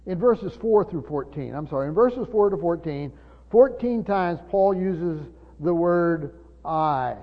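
Lively intonation and an unhurried delivery mark this older man's high-pitched preaching. As a pastor teaching earnestly from the pulpit, he often restarts phrases and repeats words, captured in dull lo-fi sound with lengthy church reverb.

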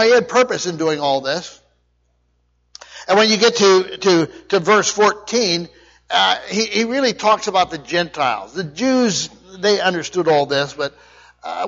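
High-voiced man teaching a sermon. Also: vocal fry, fairly bright tone, lo-fi sound. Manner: explanatory, questions to the congregation. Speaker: Bible teacher.

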